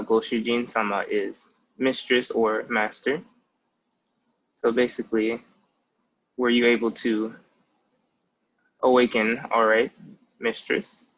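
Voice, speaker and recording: A language tutor in his twenties gives a casual spoken lesson, walking through it step by step and often opening with "so" and "basically." His voice is medium-pitched and a bit bright, heard through muffled lo-fi audio.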